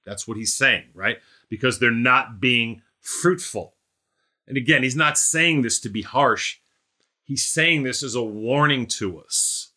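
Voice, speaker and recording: A man's voice: mid-range voice, measured pace, pushed and bright. Emphatic man teaching scripture. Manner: emphatic, repeats phrases, asks the group rhetorical questions; calls on listeners by name. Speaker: Bible teacher. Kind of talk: informal Bible study teaching.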